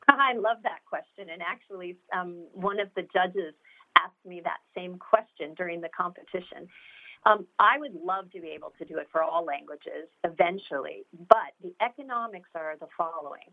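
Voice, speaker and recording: A woman's voice: fairly low pitch, moderate pace, phone-quality sound. A woman founder answering interview questions, enthusiastic and explanatory, with many fillers. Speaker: startup founder.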